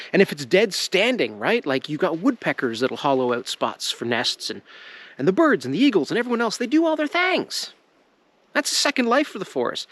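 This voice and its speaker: Jokey middle-aged man, lively pitch, casual woods vlogger. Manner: jokey, rambling, laughs often. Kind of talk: casual outdoor vlog. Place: snowy woods outdoors.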